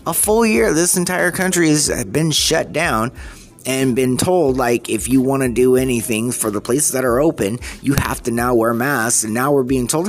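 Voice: medium pitch, moderate pace, faint music behind. A vlogger in an unscripted ranting monologue, exasperated and rambling, often restarting sentences. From United States.

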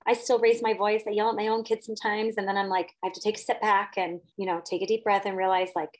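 An earnest middle-aged woman shares her teaching experience in casual talk. She is reflective, circles back, and restarts her sentences, with a mid-pitched voice. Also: level tone, fast, rough recording. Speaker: guest, teacher and author. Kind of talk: casual conversation.

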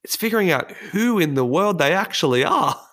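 A man's voice: high-pitched, animated, normal speed, fairly bright tone. A man speaking in an earnest, candid and reflective way, delivering a motivational monologue on personal development.

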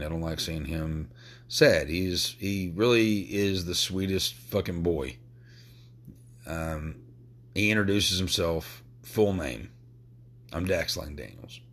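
Low-pitched male podcaster, raw and emotional, cursing, stumbling over restarts. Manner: emotional, sweary, halting restarts. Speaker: podcast host. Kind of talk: personal podcast talk.

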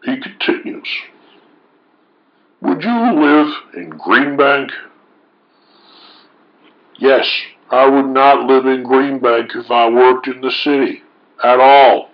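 A man's voice: medium pitch, expressive, slow, pauses often, dull audio. A man reading forum posts aloud with folksy, mock-indignant sarcastic commentary.

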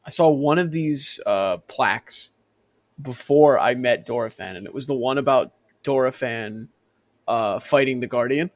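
A man's voice: mid-range voice, measured pace. A man co-hosting a casual chat about a video game, eagerly chiming in with his own points.

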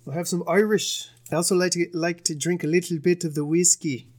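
A man's voice: high-pitched, fairly even intonation, brisk. A young man co-hosting a casual sports podcast, rambling and joking as he recaps games. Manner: joking, rambling, with put-on bits. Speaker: podcast co-host.

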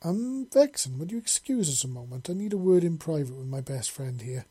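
A man voicing a warm, emotional young woman in an audiobook, effusive and affectionate. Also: expressive, a little fast, breathy edge. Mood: sly. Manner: effusive, raised pitch.

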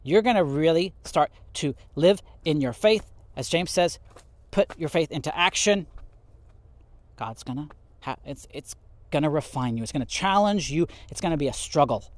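A man giving a casual podcast sermon on scripture, animated and laughing often as he acts out quotes. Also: a little high, normal speed, no echo. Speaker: podcast Bible teacher.

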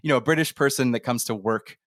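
A man from Canada hosting a casual podcast interview, talking in an animated, storytelling way with quick asides. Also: mid-range voice, no room sound, clean studio sound. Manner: animated, storytelling, slips into playful impressions. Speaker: podcast host.

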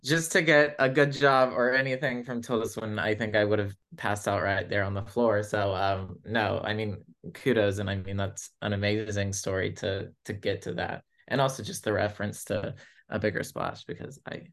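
A woman's voice: very deep voice, fairly even intonation, moderate pace. A woman hosting an interview, asking rambling, hedged questions. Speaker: podcast host. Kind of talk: casual interview.

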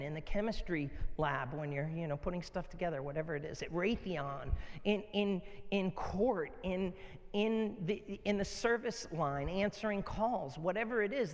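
A male pastor preaching a sermon, swinging from loud fervent delivery to hushed, near-whispered lines. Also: sits high, in a large hall.

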